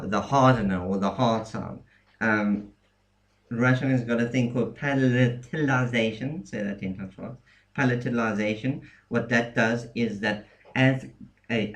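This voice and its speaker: Male teacher, unhurried and halting, slightly low voice, casual tutorial read. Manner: halting, many ums and restarts. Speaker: language teacher. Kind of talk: casual screen-share lesson.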